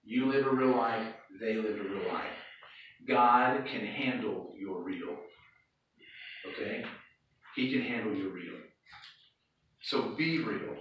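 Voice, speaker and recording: Speaking slowly with long pauses, this lowish-voiced man preaches to young people as their youth pastor, chatting informally and checking in again and again with "okay?". The sermon takes place in a church hall or sanctuary and comes through muffled and echoey, with the mic well away from him and a little hiss or hum.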